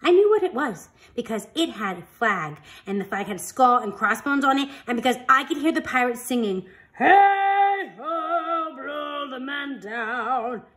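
A woman reading a children's picture book aloud as a storyteller, in an animated, expressive way. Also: a little high, a little fast, hardly any pauses.

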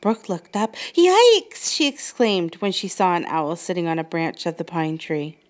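A woman who leads a girls' youth group, reading a children's storybook aloud in a gentle, expressive way. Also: on the low side, moderate pace, no echo. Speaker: Girl Guide leader, storyteller. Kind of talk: storybook read-aloud narration.

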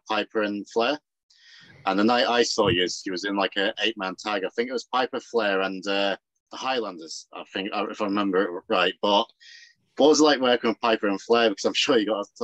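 A man's voice: on the low side, fairly bright tone, dry recording. A man asking a long hesitant question on a podcast. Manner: hesitant, searching memory with fillers. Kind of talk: casual question.

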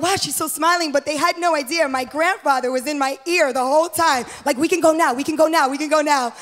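A woman, the pastor's wife, sharing heartfelt wedding memories with a church congregation. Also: high-pitched. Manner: lively, heartfelt storytelling. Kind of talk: sermon introduction, personal story. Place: church sanctuary.

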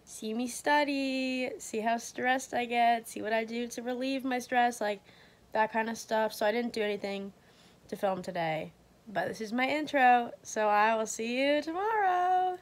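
A woman's voice: a little high, a little slow. A young woman in college chatting casually to her phone camera, rambling with lots of fillers. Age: young adult. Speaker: vlogger. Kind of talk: casual vlog chat. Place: college dorm and campus, in and out of doors. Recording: noisy phone recording.

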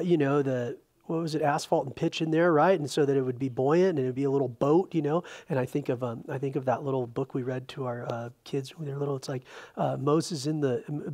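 A man preaching a sermon as a pastor, teaching through a Bible passage in a loose, conversational way with lively asides to his congregation. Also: on the high side. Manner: chatty and informal, retelling scripture with animated asides.

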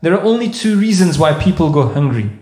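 A man's voice: on the high side, big pitch swings, fast talker, darkish tone. A man giving a sermon in a mosque, explaining Arabic terms and repeating key points for emphasis. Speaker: mosque speaker. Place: mosque hall. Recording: echoey mosque hall.

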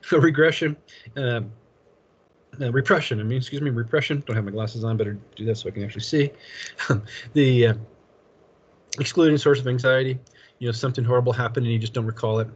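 A man's voice: mid-range voice, brisk, long pauses, husky, muffled recording. A man teaching a college class in a casual, rambling lecture, chuckling often and telling anecdotes. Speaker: college instructor.

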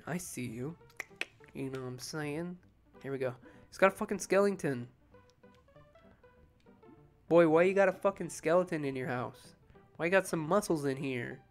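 A let's-play commentator chatting casually at home over gameplay, drowsy and rambling with frequent swearing. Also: mid-range voice. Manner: sleepy, profane, rambling.

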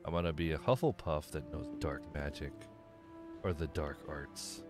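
With a very deep voice at a moderate pace, a young streamer comments loosely on the game he's playing, wandering off topic, fixing his own words and losing focus. Game music runs in the background.

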